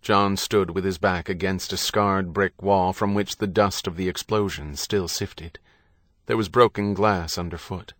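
Low-voiced grave male narrator. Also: fairly even intonation, a bit bright, no room sound, studio quality. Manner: measured, grave reading. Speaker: audiobook narrator. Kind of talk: scripted narration.

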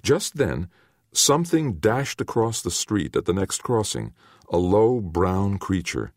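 A man reading a novel aloud as its narrator, in a measured, storytelling way. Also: low-pitched, no room sound, studio quality. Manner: measured storytelling with expressive, varied intonation. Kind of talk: audiobook narration.

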